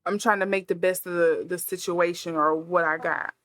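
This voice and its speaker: A woman's voice: on the low side, steady tone, normal speed, fairly bright tone. A woman giving a casual intuitive tarot reading, musing aloud with many fillers as she thinks. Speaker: tarot reader.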